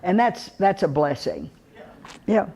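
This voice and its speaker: An older woman with a Texan drawl speaks slowly and in an unhurried way. She tells her stories in a folksy manner, chuckling and pausing on fillers as she goes. Her voice sits at a middle pitch. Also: big pitch swings, gravelly, dark tone, husky. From Texas. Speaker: actress telling her career story. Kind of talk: unhurried storytelling to a live audience.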